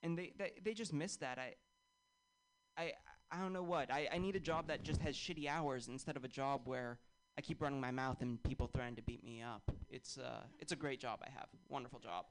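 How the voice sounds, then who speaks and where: Male comic, deadpan and frustrated, everyday mid-pitched voice. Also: fairly quick, noisy background. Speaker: comedian. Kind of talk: stand-up comedy set.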